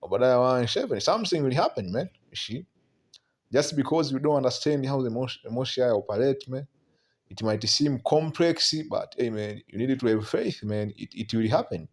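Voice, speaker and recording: An expressive, medium-pitched male voice delivers a loose sermon on prophecy. He breaks to read scripture aloud, trips over repeated words, and ends line after line with "man."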